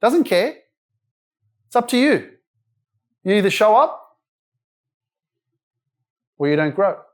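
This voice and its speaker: A man's voice: high voice, sing-song, slow. A man in his thirties giving a blunt, emphatic live motivational speech at a wellness centre event, swearing freely as he pushes his audience. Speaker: motivational speaker.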